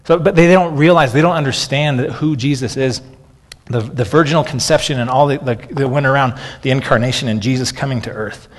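A man's voice: mid-range voice, a little fast, long reverb tail. A man in his thirties preaching a sermon as a pastor, talking conversationally and often restarting with "okay.".

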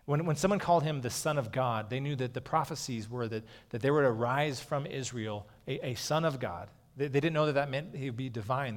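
A man giving a sermon in a casual, talking-it-through manner, his mid-range voice carried on the long reverb of a large hall. He often checks in with the listeners by saying "okay". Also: medium pitch. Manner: conversational, frequently saying "okay". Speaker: pastor.

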